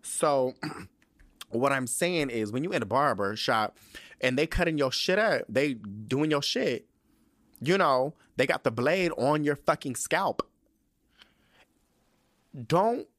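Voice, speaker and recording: A young man telling a story to his podcast audience in a casual, profane and animated rant. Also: mid-range voice, takes it slowly, long pauses, dry recording, studio quality. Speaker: podcast host.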